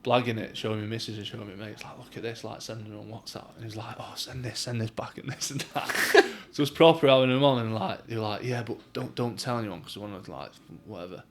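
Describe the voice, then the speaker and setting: A man's voice: on the low side, fast talker, few pauses, a bit bright. Mancunian man telling stories, chatty. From England. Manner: chatty storytelling, swears, many "like" fillers. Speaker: professional boxer guest. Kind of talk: casual chat.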